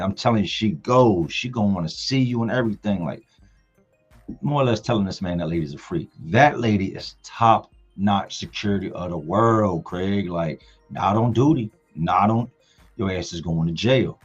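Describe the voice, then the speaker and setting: A lowish, husky man's voice tells animated, slangy stories live, acting out the people in them. The sound is dull and lo-fi, with faint music playing underneath. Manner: animated storyteller, slangy, acts out others' lines. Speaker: livestream host. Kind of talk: casual storytelling on a livestream.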